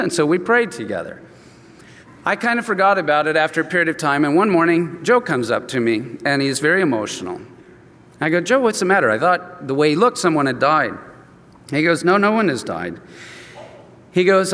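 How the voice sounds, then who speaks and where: An older man, a pastor, preaching an expository sermon in a relaxed, conversational way and acting out the dialogue of his stories. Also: a little high, moderate pace. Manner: conversational, acts out quoted dialogue. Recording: long reverb from a large hall.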